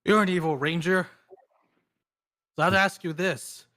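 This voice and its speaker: A man's voice: high-pitched, fairly even intonation, normal speed, pushed and bright. A man playing a hurt, frustrated young male hero in a tabletop role-play, asking earnest, pressing questions.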